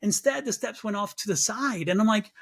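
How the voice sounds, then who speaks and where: A man with a notably high speaking voice shares a personal spiritual story as an interview guest. He acts out his own past reactions with animation. He restarts often, repeating words as he goes. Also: animated, fairly quick, vocal fry, a bit bright. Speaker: psychic medium guest.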